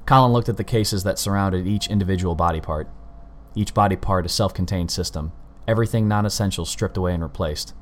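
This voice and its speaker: Very deep-voiced male narrator. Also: fairly quick. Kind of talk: scripted narration of a story.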